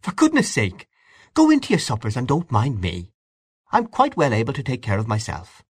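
A man voicing a lively, independent young woman who speaks briskly and emphatically. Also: medium pitch, husky, no echo, clean studio sound.

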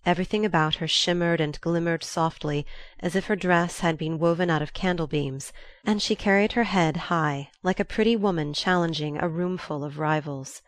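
A woman with a lowish voice narrates a classic novel in measured, even scripted narration. The recording is dry and close. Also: no echo. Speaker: audiobook narrator.

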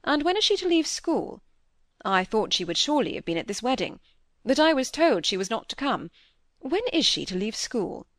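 A gallant bachelor gentleman of a period novel, as a woman narrator puts him on, polite yet pressing with his questions. The voice is dry and close, with no room around it. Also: fairly high pitch, very animated, moderate pace, no room sound, pitched above the performer's own voice. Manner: courteous, probing. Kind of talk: audiobook character reading.

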